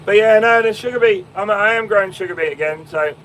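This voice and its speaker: A man's voice: sits high, fast, a bit bright, a little hiss or hum, rough recording. A young man with an English Fenland accent, chatting casually on a live stream from his tractor cab, with lots of ums and restarts. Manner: chatty, many ums and restarts, calls viewers mate and my man. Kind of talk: casual live stream chat, answering viewers. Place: inside a tractor cab in a field. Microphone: phone.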